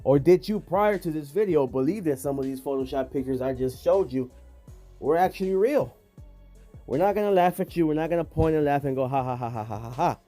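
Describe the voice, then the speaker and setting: A man hosts a casual commentary vlog, speaking straight to his viewers with emphatic, slangy street talk. His voice sits a little high and sounds mellow. Faint music plays behind him. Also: fairly quick. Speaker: host.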